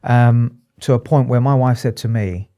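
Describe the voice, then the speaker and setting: A man, a psychotherapist, talking candidly and emotionally in an interview, halting and restarting often. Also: mid-range voice, mellow, highs cut off. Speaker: psychotherapist and addiction specialist, guest.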